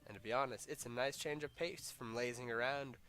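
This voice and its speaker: A man's voice: mid-range voice, fairly even intonation, a little fast, a bit bright, natural voice. A man reading the lines of a poised teenage girl who leads a club, composed and welcoming.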